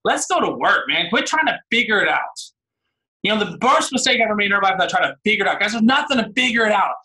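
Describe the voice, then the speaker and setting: A man in his thirties giving a fired-up motivational pep talk on a team call, shouting often and calling the listeners "guys" and "man". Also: high voice, lively intonation, fast talker, poor audio. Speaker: guest speaker on a team call.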